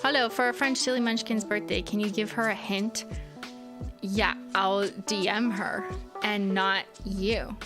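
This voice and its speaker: A woman's voice: mid-range voice, fairly even intonation, measured pace, music in the background. A woman in her late twenties opening fan mail on a live stream in casual, chatty talk, swearing freely and laughing often. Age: late 20s.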